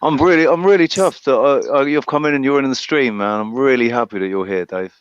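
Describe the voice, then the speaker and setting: A man's voice: mid-range voice, fairly quick, clean tone, lo-fi sound. A man co-hosting a casual livestream chat, friendly and repeating his words.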